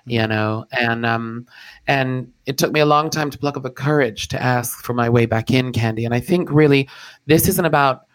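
Deadpan guy doing a fake-serious agony aunt bit, middle pitch, plain delivery. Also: moderate pace. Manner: mock-earnest, deadpan. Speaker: co-host in a comic persona. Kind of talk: deadpan comic role-play.

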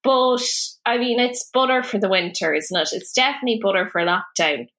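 Bright-voiced Irish woman, chatty. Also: a little high, brisk. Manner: chatty, storytelling, swears casually. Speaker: podcast co-host. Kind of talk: casual chat.

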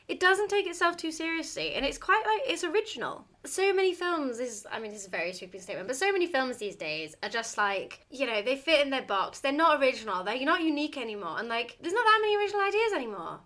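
A woman's voice: high voice, very animated, fast talker, pushed and bright. A woman co-hosting a casual film chat, talking in a chatty way with lots of "like" and frequent laughs. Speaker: podcast co-host.

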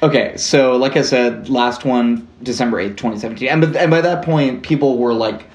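A man's voice: medium pitch, normal speed, roomy sound. A man hosting a casual true-crime podcast, rambling and joking, often breaking off and restarting his sentences. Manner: rambling, self-interrupting, joking. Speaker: podcast host.

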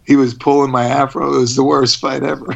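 A man telling stories in a casual interview, laughing often and animated. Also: medium pitch, normal speed, creaky, dull audio. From United States. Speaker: interview guest.

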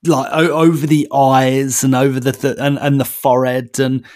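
A man, co-hosting a podcast in casual, animated chat, often ranting and restarting his sentences. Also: mid-range voice, moderate pace. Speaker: podcast co-host.

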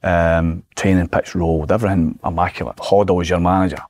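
A man's voice: low voice, a little fast. A Scottish man in his forties, a former footballer, chatting as a podcast guest and acting out his old remarks as he tells stories. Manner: animated storyteller, acts out his own past remarks. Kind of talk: casual podcast chat.

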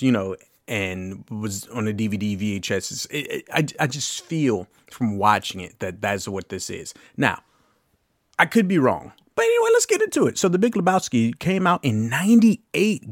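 A podcast host in his late thirties chats casually about a film, with loose asides and the occasional curse word. His lowish voice is recorded at studio quality with no echo.

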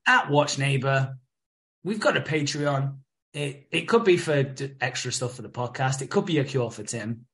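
A man's voice: medium pitch, lively intonation, normal speed, a bit bright. A man co-hosting a podcast in casual chat, joking, swearing freely and laughing often. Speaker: podcast co-host.

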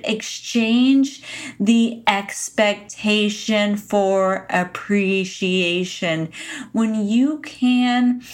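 A middle-aged woman giving a motivational talk as a podcast host, earnest and emphatic, repeating her key phrases. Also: medium pitch. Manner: slow, earnest, emphatic repetition.

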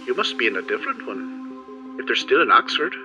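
A man's voice: mid-range voice, very animated, fairly quick, sharp tone. A man game master voicing a strange, cheerful phone caller named Harriet who repeats itself, heard over a phone line. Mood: breezy. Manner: chirpy, rambling, repeats itself. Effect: voice heard over a telephone. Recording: dull lo-fi sound with music behind.

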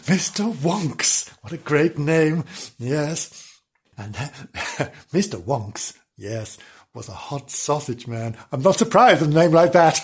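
A man's voice: fairly high pitch, expressive, slow pace, long pauses, husky. A man telling a comic story off the cuff, playful and giggly, making asides to the listeners.

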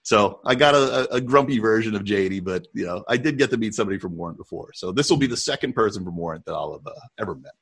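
Low, husky-voiced man telling stories. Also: fast talker, few pauses. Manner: storytelling, animated, laughs often. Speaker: podcast co-host. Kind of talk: casual chat.

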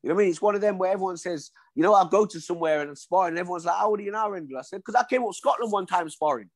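A man's voice: high voice, racing, no echo. A man, a former boxer telling his story in an interview, acting out dialogue and often saying "you know what I mean".

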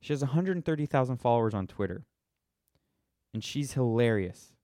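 A man's voice: mid-range voice, animated, normal speed, warm tone, no room sound, clean studio sound. A man in his thirties hosting a livestreamed podcast, talking in a rambling, sarcastic way with many restarts. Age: 30s. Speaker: podcast host. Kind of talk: livestreamed monologue.

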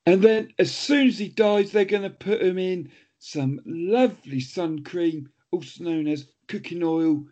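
High-voiced, playful man. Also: measured pace, few pauses, a little mellow. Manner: playful, mock-prim, sings snatches. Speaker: podcast co-host. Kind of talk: casual banter. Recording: dull lo-fi sound.

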